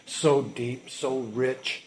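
A man preaching a sermon as a pastor, emphatic, swinging between loud urgency and hushed intensity. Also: medium pitch, fairly even intonation, very slow, slight background noise.

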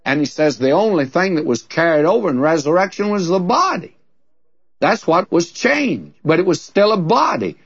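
A man's voice: fairly high pitch, lively intonation, normal speed, slightly rough, no room sound, muffled recording. An older man preaching a sermon, telling a story and leaning hard on key words.

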